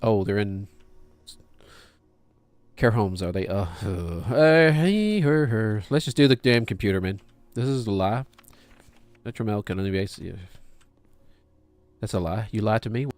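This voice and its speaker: A man's voice: lowish voice, animated, measured pace, long pauses, darkish tone, dry recording. Man thinking aloud over a game. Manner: thinking aloud, talking to himself and chat. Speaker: game streamer. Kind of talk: casual gameplay commentary.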